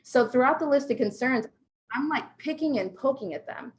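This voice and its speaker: A woman's voice: high-pitched, lively intonation, moderate pace. A woman from the United States coaching salespeople on a video call, emphatic and peppered with "right?". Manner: emphatic, keeps asking "right?". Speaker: sales trainer.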